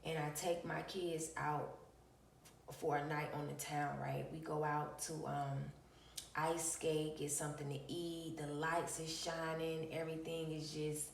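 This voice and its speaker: A woman's voice: sits low, level tone, measured pace, creaky, reverberant, recorded from a distance, slight background noise. An adult woman, telling a personal spiritual story to viewers, emphatic, repeating phrases and calling them y'all.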